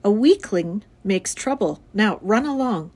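A woman voicing a gentle, steady farmer father who speaks in a calm, measured way for a storybook reading. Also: mid-range voice.

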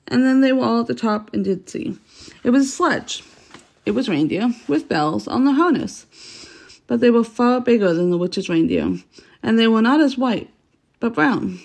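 A woman's voice: fairly high pitch, expressive, moderate pace, gravelly, a little mellow. A woman reading a children's story aloud, unpolished, with stumbles and self-corrections.

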